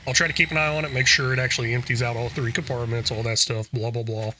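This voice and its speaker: A young man casually commenting on his own gameplay, relaxed and chatty, thinking aloud as he plays. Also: medium pitch, fast talker, background noise. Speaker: gaming YouTuber.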